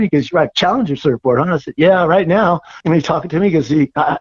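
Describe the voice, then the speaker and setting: Older man, husky voice, somewhat high, animated storyteller, dull lo-fi sound. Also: quick pace, few pauses. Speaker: surfer guest. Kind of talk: casual storytelling interview. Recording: dull lo-fi recording.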